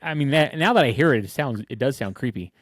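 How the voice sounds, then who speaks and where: A man's voice: medium pitch, lively intonation, fast talker. A man co-hosting a podcast, telling a rambling story in casual chat and laughing through his words. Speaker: podcast co-host.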